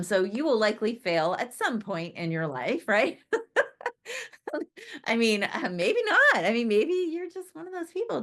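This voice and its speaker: A woman leads a motivational business training session in a casual, talkative way. She laughs often and keeps turning to her listeners with a quick "right?". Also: mid-range voice, fairly bright tone.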